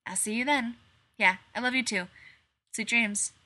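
Dexter, a deadpan wry killer, read by a woman. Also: fairly high pitch, a little slow. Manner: deadpan, dry. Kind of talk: fan fiction read aloud.

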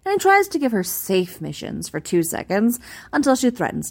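Lively woman reading a fan post aloud. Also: medium pitch, normal speed, gravelly. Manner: animated, amused, expressive. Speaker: reader.

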